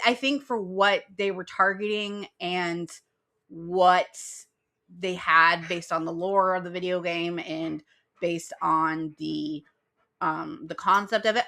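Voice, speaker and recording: A woman's voice: medium pitch, sharp tone. A young woman hosting a casual podcast, rambling with lots of fillers and giggles. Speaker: podcast host.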